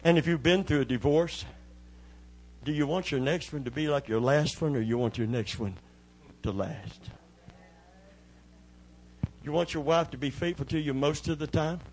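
A male pastor preaches in church, his voice sitting somewhat high for a man. He speaks in a folksy, conversational sermon manner and rises into fervent calls of praise. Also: normal speed, long pauses, a little mellow. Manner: preaching with rising fervor, calling out hallelujahs.

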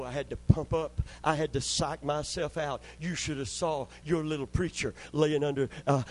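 A man's voice: a little high, darkish tone, slight background noise, poor audio. An older man preaching a sermon, telling stories and calling out for amens as he builds to fervent preaching. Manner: storytelling, call-and-response asking amen, rising to fervent preaching.

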